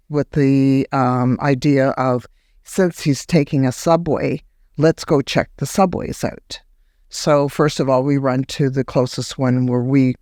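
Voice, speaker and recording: Woman guest, animated storyteller, dry recording. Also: no room sound. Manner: animated, acts out remembered words in a higher voice; halting restarts when recounting. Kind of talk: personal storytelling in a podcast interview.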